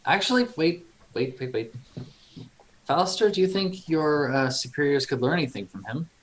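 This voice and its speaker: A man playing a tabletop game, calmly explaining his character's actions. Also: on the high side, normal speed, low-quality recording. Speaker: player. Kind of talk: casual tabletop play.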